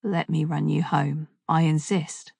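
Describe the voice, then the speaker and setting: A woman doing a quiet, guarded man. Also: sits low, fairly even intonation, unhurried, gravelly, slightly rough, no echo, clean studio sound, full character voice.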